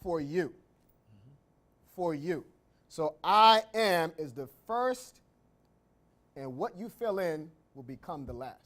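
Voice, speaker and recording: A man speaking on stage, emphatic and instructive, repeating key phrases as he tells the audience what to write down. His voice sits a little high. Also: expressive, takes it slowly, pauses often, fairly bright tone. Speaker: motivational speaker. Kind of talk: motivational talk. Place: event stage.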